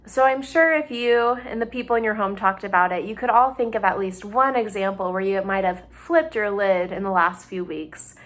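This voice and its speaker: A woman's voice: medium pitch, normal speed, hardly any pauses, fairly bright tone. A young woman, a psychology doctoral student, talking at home in a patient, plain-spoken way, giving simple examples meant for children. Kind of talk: gentle explanatory talk for families.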